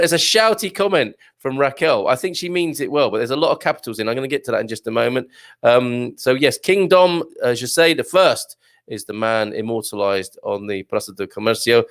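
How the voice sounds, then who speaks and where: A man's voice: fairly high pitch, fairly bright tone. A man hosting a live morning show, reading out viewer comments in a chatty, jokey way, full of fillers and laughs. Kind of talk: casual live chat.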